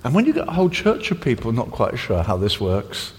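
A man's voice: medium pitch, fairly quick. A man preaching a sermon, telling stories and acting out the people he quotes. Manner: animated storytelling, acting out quoted voices. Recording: long hall reverb.

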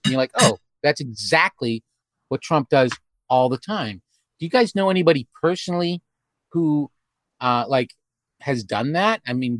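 A man's voice: medium pitch, no room sound. A man hosting a casual group conversation over a video call, rambling and restarting often as he asks questions. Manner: rambling, halting with many restarts and fillers. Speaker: podcast host.

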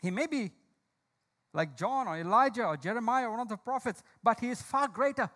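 High-voiced male preacher, slow and emphatic. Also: animated, fairly bright tone. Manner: asks the congregation questions, calls on listeners by name; slow, emphatic delivery of key lines. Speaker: pastor. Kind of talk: sermon.

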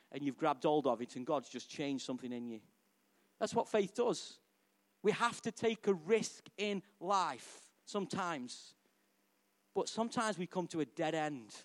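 A middle-aged man, a pastor preaching a sermon in a conversational, animated way and asking the congregation questions. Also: on the high side, moderate pace.

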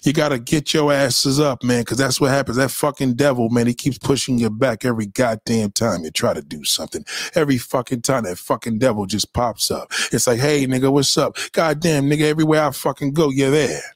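A man's voice: mid-range voice, fairly quick, few pauses, dry recording, clean studio sound. A man ranting on a livestream in a heated, preachy way, swearing constantly and repeating his points. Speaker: livestream host. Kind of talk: profane motivational rant. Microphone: home webcam mic.

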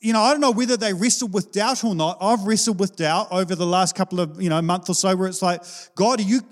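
A man's voice: high voice, fairly even intonation, fast. A man, preaching a sermon to his church in an informal, conversational way. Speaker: pastor. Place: church hall. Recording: long reverb of a church hall.

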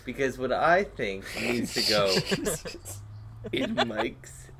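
A young man co-hosting a podcast, talking slowly and rambling with lots of halting restarts. His pitch jumps around a lot as he giggles through the banter, with faint background noise. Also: very animated, gravelly. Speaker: podcast co-host. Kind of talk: casual comedic banter.

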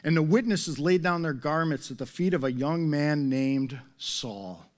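A man's voice: fairly high pitch, a little slow, darkish tone. A middle-aged man preaching a sermon as pastor, conversational and full of rhetorical questions and self-mocking humor.

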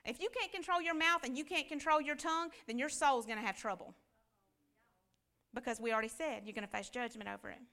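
Woman Bible teacher, high, clear voice, conversational preaching style. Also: fast talker, sharp tone. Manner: conversational preaching, rhetorical questions. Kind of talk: church Bible class teaching.

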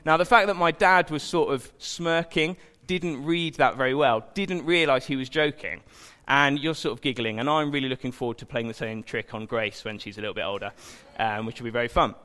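A man's voice: mid-range voice, fairly quick, few pauses, sharp tone. A young man giving an informal sermon, chatty and self-deprecating, with jokey asides. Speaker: preacher. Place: church hall. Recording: long hall reverb.

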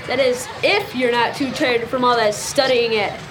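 Cocky slangy kid bully voiced by a woman, radio play, high voice, hiss in the background. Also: normal speed, close to an everyday voice. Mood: mocking. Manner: taunting, slangy. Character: cocky young boy, mocking and tough. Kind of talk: radio drama acting.

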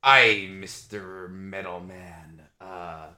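A gruff, blunt adventurer growls out old-fashioned threats, played by a man at a tabletop game. The voice sits low, drags slowly and has a bright edge. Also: steady tone, full character voice.

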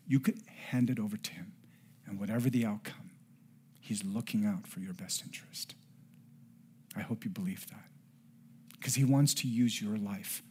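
A man in his forties preaching a sermon, dropping to soft near-whispers and then rising to emphatic passages, and telling a family story with acted-out dialogue. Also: fairly low pitch, a little hiss or hum. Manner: swings between hushed near-whispers and raised emphatic passages. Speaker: pastor.

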